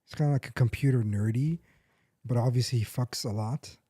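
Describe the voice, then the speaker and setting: A man's voice: mid-range voice, brisk, dark tone, dry recording, studio quality. A man in his forties chatting casually on a podcast, rambling and correcting himself, laughing often. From United States. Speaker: podcast co-host. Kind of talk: casual chat.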